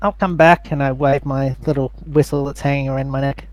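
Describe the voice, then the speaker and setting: A man's voice: medium pitch, fairly even intonation, a little fast. A man playing a tabletop role-playing game, talking in character with a laid-back, wry manner. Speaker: player.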